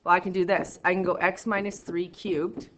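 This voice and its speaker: A woman teaching a math class, counting steps out loud, trailing off quietly, and checking in with "right?". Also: on the low side, little pitch movement, moderate pace, slight background noise. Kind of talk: classroom lecture. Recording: roomy classroom sound, slightly dull.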